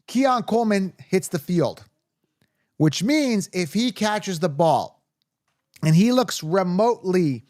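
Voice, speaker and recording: A man hosting a live fantasy football stream, excitably reading viewer comments and repeating himself for emphasis. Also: high-pitched, dry recording, clean studio sound. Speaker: fantasy football show host.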